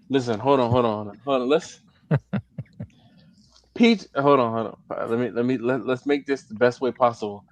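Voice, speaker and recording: A man hosting a casual barbecue livestream, animated and laughing often, reading comments aloud and breaking into high put-on voices. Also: normal speed, long pauses, dry recording. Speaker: livestream host. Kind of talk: casual live-stream chat.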